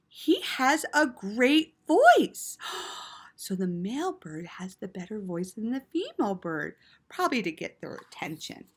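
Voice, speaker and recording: A woman reading a story aloud to children in an animated way, with gasps and quiet asides. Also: medium pitch.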